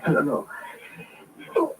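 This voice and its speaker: A man's voice: slow, natural voice. An actor playing a man gasping through a heart attack, breathless and pleading, in an old radio drama with a distant, hissy recording.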